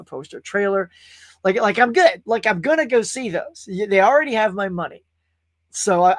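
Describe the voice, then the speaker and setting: A man from California, a podcast host, runs a casual live-stream show, rambling chattily and reading viewers' comments aloud. His high, slightly bright voice is recorded at studio quality with no room sound.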